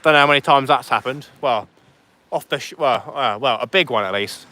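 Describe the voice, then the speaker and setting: A man's voice: medium pitch, brisk, bright, forceful tone. A man chatting casually on a fishing livestream outdoors on a beach at night, reading out viewer comments as he goes.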